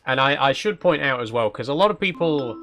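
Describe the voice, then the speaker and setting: A man's voice: mid-range voice, lively intonation, fairly quick, pushed and bright. Chatty man with mild Yorkshire accent. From South Yorkshire, England. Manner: chatty, thinking aloud. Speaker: streamer. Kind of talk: casual live-stream commentary while playing.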